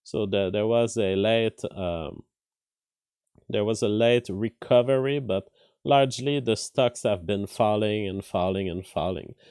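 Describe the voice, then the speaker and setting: A man's voice: fairly low pitch, a little slow, darkish tone, clear, resonant tone, no room sound, clean studio sound. A man hosting a live stream of casual news commentary. He thinks aloud with restarts and filler words, and reads headlines before commenting on them.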